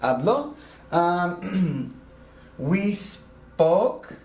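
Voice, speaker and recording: A man teaching a recorded grammar lesson, explaining slowly and deliberately with frequent ums and uhs. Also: sits high, animated, roomy sound. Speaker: Spanish teacher.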